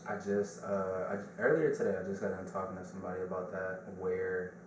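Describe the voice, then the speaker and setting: An easygoing man talks as a podcast guest, relaxed and conversational. His low voice sits back from the mic in an echoey room. A clear hiss runs behind him. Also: brisk, recorded from a distance. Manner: easygoing, plugs his clothing brand. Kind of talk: casual chat.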